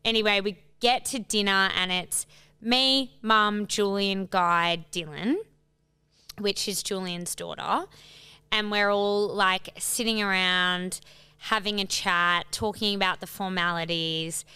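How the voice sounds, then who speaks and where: A woman's voice: medium pitch, takes it slowly, bright, forceful tone, clean tone. A young woman co-hosting a podcast, telling a family story in a rambling casual way with lots of "like" and some swearing. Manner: rambling, heavy use of "like", swearing. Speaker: podcast co-host.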